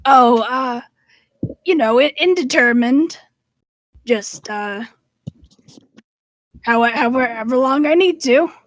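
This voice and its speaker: A woman's voice: high-pitched, slow, long pauses, dry recording, low-quality recording. A woman voicing a cagey female traveler just off a ship, answering hesitantly and evasively with stammers.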